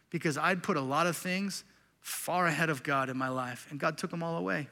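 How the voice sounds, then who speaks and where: Preaching with earnest, confessional feeling, a middle-aged male pastor speaks a little high and a little quickly in a church sanctuary with big-room sound. His delivery climbs to loud emphasis, then falls to quiet intensity.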